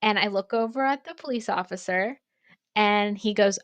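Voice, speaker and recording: Woman podcast co-host, animated, swears freely, dry close mic. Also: medium pitch, normal speed, no room sound. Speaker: pottery studio co-owner and podcast host. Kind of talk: casual storytelling chat.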